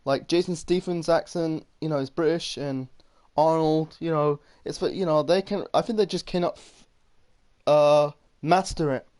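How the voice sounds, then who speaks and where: A man's voice: on the high side, steady tone, normal speed, a little mellow, dry recording. Rambling, swearing male game streamer. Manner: rambling, swearing, many restarts. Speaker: gaming streamer. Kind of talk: casual gaming commentary, chatting to chat.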